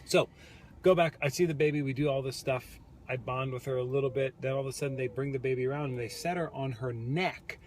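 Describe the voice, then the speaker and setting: A man's voice: medium pitch, brisk, a little hiss or hum. A man in a car telling his baby's birth story as a casual vlog co-host, earnest and reflective, with many restarts. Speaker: vlog co-host, new father. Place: parked car.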